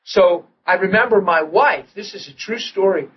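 Animated male preacher telling a story. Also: high-pitched, moderate pace, highs cut off, a little hiss or hum. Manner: animated storyteller who acts out quotes and drops to a hush in tender moments. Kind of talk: sermon with personal storytelling.

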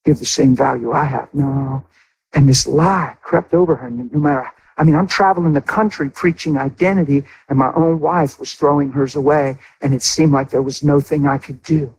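A man's voice: on the high side, fairly even intonation, moderate pace, a little mellow, a little hiss or hum, low-quality recording. A middle-aged man preaching a sermon as a pastor, telling a personal story with emotion and speaking straight to his congregation.

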